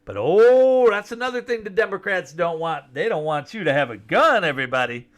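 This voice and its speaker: A man's voice: sits high, animated, a little fast. A man delivering an emphatic, rambling political monologue with sarcastic asides. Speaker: political commentator.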